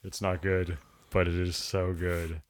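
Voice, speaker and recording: A man's voice: deep voice, level tone, measured pace, crowd noise. A man co-hosting a podcast, laughing often and chiming in with short sarcastic replies. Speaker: podcast co-host. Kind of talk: casual chat.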